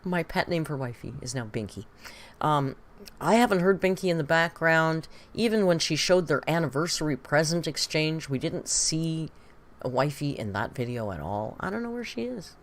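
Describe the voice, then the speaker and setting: A woman's voice: deep voice, animated, moderate pace. A woman with a British accent, chatting casually and gossiping as she reacts to video clips and reads viewer comments. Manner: chatty and gossipy, laughs often, muses aloud. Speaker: reaction streamer.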